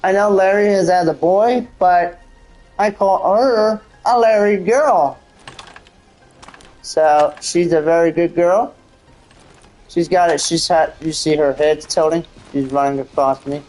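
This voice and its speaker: A man giving casual commentary over a video game, slow and unhurried. His voice sits a bit high, and he stops and restarts often while looking for words. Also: steady tone, darkish tone, faint music behind, poor audio. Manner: hesitant, full of restarts and fillers. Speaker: gaming channel host.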